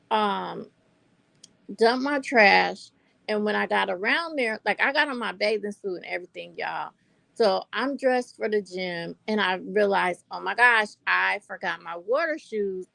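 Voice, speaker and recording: Gravelly older North Carolina woman. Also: medium pitch, a bit bright, no echo. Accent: North Carolina Southern American. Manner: chatty storyteller addressing viewers as y'all. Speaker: vlogger. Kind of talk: casual chat to camera.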